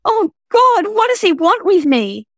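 A woman's voice: high voice, very animated, measured pace, dry recording, studio quality, pitched above the performer's own voice, exaggerated voice. A woman reading aloud as a terrified young woman trapped in a car boot, stammering and breathless with panic. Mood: panicked.

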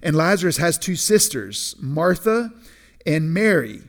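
Guy preaching, kinda high voice, stumbles and repeats words, leans hard on key lines. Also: sing-song, creaky. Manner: conversational preaching with frequent restarts and repeated words; emphatic, slowing down on key phrases. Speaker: pastor. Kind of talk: sermon.

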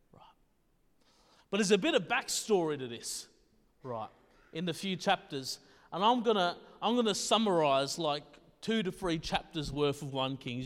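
A male pastor preaching a sermon in a casual, conversational way, often checking in with his listeners. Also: a little high. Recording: long reverb in a hall.

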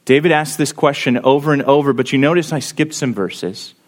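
A man's voice: mid-range voice, a little fast. A man preaching a sermon, earnestly explaining a psalm and reading its verses aloud with rising emphasis.

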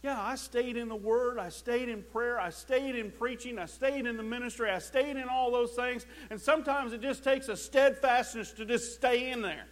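High-voiced impassioned male pastor. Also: normal speed, hardly any pauses, low-quality recording. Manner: impassioned, swinging from loud preaching to hushed tones; repeats words when starting a phrase. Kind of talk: sermon.

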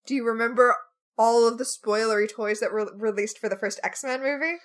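A woman's voice: on the high side, steady tone, a little fast. A woman co-hosting a casual podcast chat, sarcastic and given to mock outrage. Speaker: podcast co-host.

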